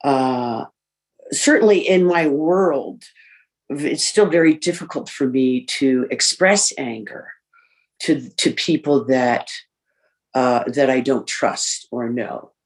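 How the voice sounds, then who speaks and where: A woman giving a candid personal share in a recovery group, reflective and pausing often with fillers. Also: rumbling low. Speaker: speaker sharing in a recovery group. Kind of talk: personal recovery share, reading list points.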